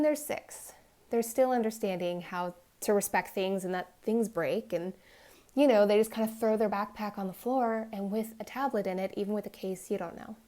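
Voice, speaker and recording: A young woman, a crafting vlogger, chatting casually and telling a family story, acting out the voices she quotes. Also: mid-range voice. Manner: animated, acts out quoted voices.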